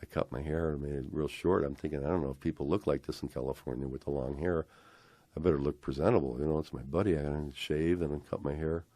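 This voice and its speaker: Very deep-voiced older man telling a story. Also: fairly even intonation, warm tone, no echo. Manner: acts out quoted voices, halting restarts. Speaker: interview guest telling his story. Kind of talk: emotional personal storytelling.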